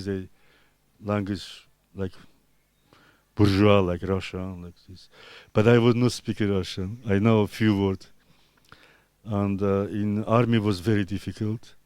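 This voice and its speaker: Man, native Talysh speaker, halting broken English, low smooth voice, dry close sound. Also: a little mellow, no echo. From Azerbaijan. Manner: halting broken English with many pauses and fillers. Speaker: artist being interviewed. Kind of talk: casual interview answers.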